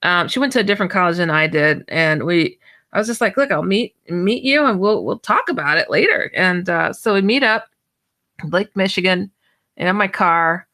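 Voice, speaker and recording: A woman guest and paranormal researcher telling a personal story in an animated, rambling way, full of false starts, her pitch leaping up when she acts out her own reactions. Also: normal speed. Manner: excitable, jumps high when acting out her own reactions. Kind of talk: animated personal storytelling in an online audio chat.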